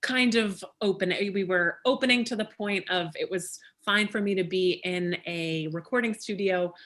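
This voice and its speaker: Bright clear woman author, rambling chat, fillers everywhere like you know and like. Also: medium pitch, moderate pace. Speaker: memoir author, guest. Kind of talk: casual chat.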